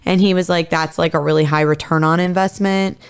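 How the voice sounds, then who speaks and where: A woman's voice: on the low side, fairly even intonation, a little fast, smooth. A woman in her thirties co-hosting a podcast, telling a true-crime story in a chatty, casual way, full of fillers and casual swearing. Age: 30s. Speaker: podcast co-host.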